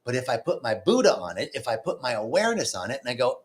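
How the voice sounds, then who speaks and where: A man's voice: mid-range voice, big pitch swings, quick pace, few pauses. A man giving a spiritual talk, earnest and conversational, now and then acting out inner voices with a curse. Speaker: spiritual teacher. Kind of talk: live-streamed spiritual talk.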